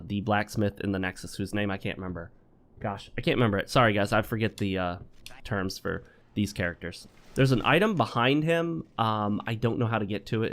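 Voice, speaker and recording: A man hosting a gaming channel, chatting wryly through a let's play and mixing in advice talk with joking asides. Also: fairly low pitch. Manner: chatty and wry, joking asides while playing.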